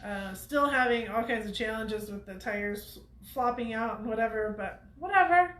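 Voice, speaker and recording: A woman's voice: a little high, normal speed, a bit bright, roomy sound. A woman hosting a weekly show, telling a story to viewers in a chatty way and laughing often. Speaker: host of a weekly off-road show.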